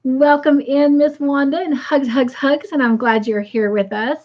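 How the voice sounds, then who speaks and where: A woman's voice: sits high, steady tone, measured pace. Chatty woman hosting a livestream. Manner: chatty, warm greetings with lots of fillers. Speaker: livestream host. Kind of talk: casual livestream chat, reading viewer comments aloud. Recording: muffled lo-fi livestream audio.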